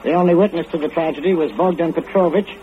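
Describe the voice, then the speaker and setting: An actor playing a male radio news announcer who reads a bulletin in a crisp, formal way. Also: a little high, fast talker, natural voice. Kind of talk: 1940s radio acting. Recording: tinny old radio broadcast, hiss.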